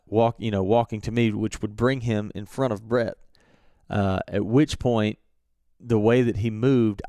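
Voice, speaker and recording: A young man telling a hunting story in a relaxed, halting way with many fillers and restarts. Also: fairly low pitch, clear, resonant tone, no room sound, studio quality. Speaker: turkey hunter recounting a hunt. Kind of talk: casual storytelling.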